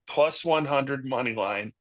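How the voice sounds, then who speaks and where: A man's voice: medium pitch, a little slow, no room sound. A man co-hosting a sports betting podcast in casual chat, carefully spelling out names and reading off odds. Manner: dry, spells out names letter by letter. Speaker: podcast co-host.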